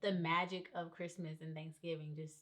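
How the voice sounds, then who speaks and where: A woman's voice: sits low, flat delivery, normal speed, fairly bright tone. A young woman co-hosting a podcast, who explains her points firmly and step by step in casual chat. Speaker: podcast co-host.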